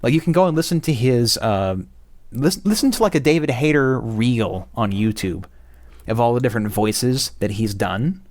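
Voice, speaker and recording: A man's voice: medium pitch, moderate pace, a little mellow, no echo. Blunt rambling male game reviewer. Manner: blunt, profane, many fillers. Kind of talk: casual opinionated monologue.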